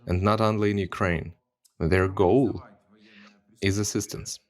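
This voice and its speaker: A man's voice: deep voice, fairly even intonation, a little slow. A man, a member of parliament, giving an earnest video statement and repeating his key points for emphasis. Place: recorded separately from the studio.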